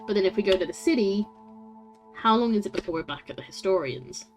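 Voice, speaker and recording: A woman's voice: mid-range voice, expressive, fast, soft background music. A woman streaming a story game, chatting with her viewers, laughing often and swearing casually.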